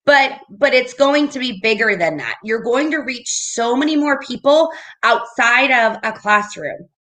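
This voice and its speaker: A woman with a bright, forceful voice pitched a little high hosts a casual chat. She sounds upbeat and encouraging and often checks in with her listener. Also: expressive, measured pace. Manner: upbeat, encouraging, keeps asking "right?". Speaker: host, business coach.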